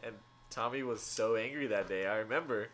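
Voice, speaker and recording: A man's voice: fairly low pitch, a little fast, a bit bright, poor audio. A man in his twenties, co-hosting a casual podcast chat in a laid-back, teasing way. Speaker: podcast co-host.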